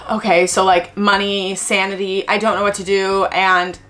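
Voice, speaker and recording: A woman in her twenties telling a travel story in a casual, chatty way, acting out the voices of the people in it, with soft music behind her. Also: medium pitch, measured pace. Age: 20s. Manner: chatty, animated, acts out quoted voices, frequent "like". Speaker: travel vlogger.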